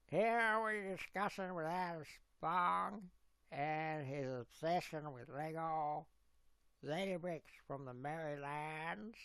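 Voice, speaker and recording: A man with an Australian accent hosting a casual livestream chat, rambling and giggling, now and then breaking into loud put-on voices. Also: fairly high pitch, smooth, dry recording. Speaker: livestream host.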